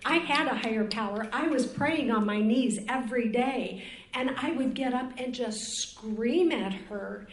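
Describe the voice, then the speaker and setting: A woman's voice: fairly high pitch, a little slow, a little hiss or hum. An older woman from Cleveland, Ohio, giving a candid, rambling personal testimony as a speaker on a recovery panel. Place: conference room at a retreat. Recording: roomy conference room.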